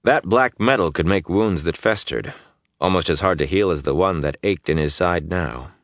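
A man's voice: low voice, normal speed, no room sound, studio quality. A man narrating a fantasy audiobook with intense, dynamic storytelling that swells through the battle scenes.

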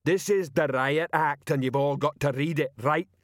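A man voicing a huge, slow-witted male troll sergeant who bellows and stumbles over long words, in an audiobook. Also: a little high, no room sound, clean studio sound, lightly acted. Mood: blunt. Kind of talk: audiobook character voice.

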